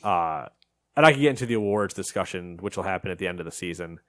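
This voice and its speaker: A man co-hosting a casual podcast chat, telling a story in an animated way and acting out what people said. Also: deep voice, fast, dry recording. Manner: animated storytelling, acts out quotes. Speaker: podcast co-host.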